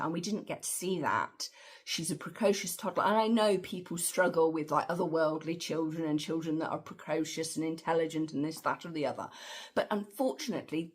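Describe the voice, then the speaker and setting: A woman's voice: deep voice, breathy edge. A woman giving a chatty, opinionated film review with slangy asides. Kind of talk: casual film review monologue.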